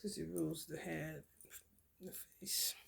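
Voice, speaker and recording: Woman vlogger, gravelly voice, blunt and profane, animated spiritual reading with loud outbursts. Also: low-pitched, slow pace, slight background noise. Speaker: spiritual content creator. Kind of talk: casual spiritual vlog reading.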